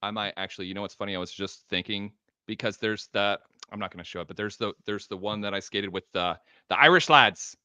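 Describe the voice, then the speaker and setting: A man chatting as a guest on a live stream, laid-back and casual, swearing freely and trailing off into quiet mumbles. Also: on the low side, fast talker, clean tone, dry recording.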